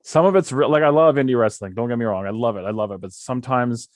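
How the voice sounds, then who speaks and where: A man's voice: medium pitch, fast talker, dry recording, clean studio sound. A middle-aged man who works as a wrestling commentator, talking earnestly and with firm opinions as a podcast guest. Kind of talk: casual podcast chat.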